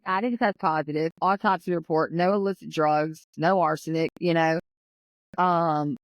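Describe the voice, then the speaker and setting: A woman's voice: on the low side, no room sound, low-quality recording. Emotional woman, dry close sound. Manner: emotional, tells her story with quoted voices. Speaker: guest. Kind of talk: personal storytelling.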